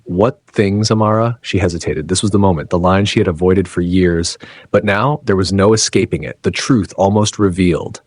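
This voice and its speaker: A man narrates a dramatic story with slow, suspenseful delivery. His voice is very deep and husky, and the recording is dry and close. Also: fairly even intonation, darkish tone, no echo.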